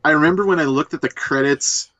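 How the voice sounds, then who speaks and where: A man hosting a casual movie commentary podcast, riffing in an animated, profane way. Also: a little high, fast, no echo, dull audio. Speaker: podcast host.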